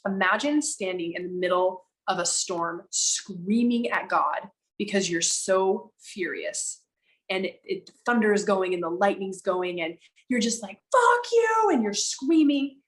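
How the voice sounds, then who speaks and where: A woman speaking candidly as a podcast guest, animated and emphatic, slowing down to stress her words and now and then swearing for emphasis. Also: on the low side, low-quality recording. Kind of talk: candid conversational storytelling.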